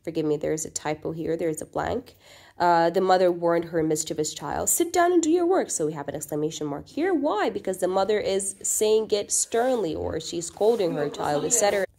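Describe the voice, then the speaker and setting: A woman with a lowish, gravelly, dark-toned voice teaches a recorded grammar lesson at a brisk, animated clip. She patiently explains, frequently checks in with the class, and reads quotations in a lifted, acted-out voice.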